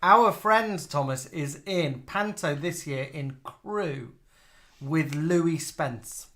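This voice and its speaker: A British man co-hosts a live stream, chatting casually and reading viewers' comments aloud like a chatty, gossipy storyteller. His voice is slightly high and fairly bright, and he speaks slowly.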